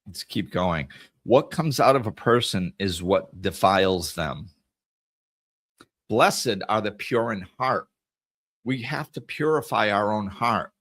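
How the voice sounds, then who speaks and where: A man's voice: on the low side, animated, slow, a bit bright. A middle-aged man hosting a podcast, giving an earnest reflective monologue on scripture and the inner life, often repeating and correcting his words as he goes. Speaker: podcast host.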